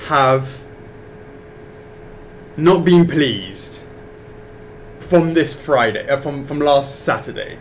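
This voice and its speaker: A man co-hosting a live stream, telling a story in animated, quick bursts. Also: a little high, slight background noise. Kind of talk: casual chat on a live stream.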